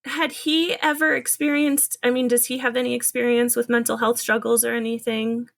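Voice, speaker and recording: A woman's voice: on the high side, level tone, creaky. Woman podcast host, affirming listener. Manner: warm affirming listener, quick agreeable replies. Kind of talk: casual conversational interview.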